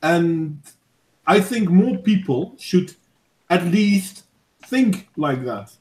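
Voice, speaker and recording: Thirties male host, earnest and measured, a little high-pitched, boomy room sound. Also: expressive, darkish tone. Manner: earnest, measured, with frequent restarts. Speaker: host of a voice chat discussion. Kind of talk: casual debate. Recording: echoey room.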